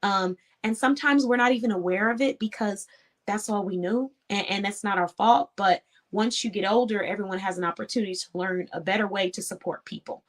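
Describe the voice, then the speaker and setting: A woman's voice: medium pitch, a little fast. A woman hosting an online show, giving an earnest, encouraging talk to small business owners in a casual, conversational way. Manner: earnest, encouraging, laughs easily. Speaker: host.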